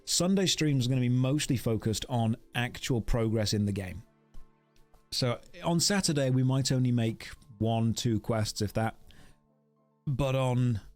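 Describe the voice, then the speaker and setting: A man from the UK chatting casually on a live stream while he plays, rambling, wry and self-mocking as he thanks viewers. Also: mid-range voice. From United Kingdom.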